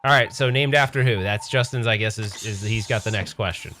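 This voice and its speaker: A man's voice: lowish voice, a little fast, bright, forceful tone, a little hiss or hum. A man hosting a casual pinball livestream, rambling and correcting himself as he chats with viewers. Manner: rambling, self-correcting, chatty with chat. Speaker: pinball streamer host.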